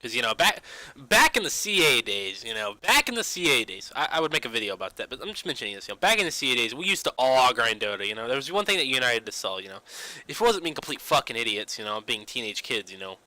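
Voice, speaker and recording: With big pitch swings in a mid-range voice that is very bright and sharp-edged, a young gaming vlogger speeds through a loose, rambling rant. Almost every phrase gets a "you know," plus plenty of restarts and casual swearing, all in a rough recording that is dry and close with no room sound.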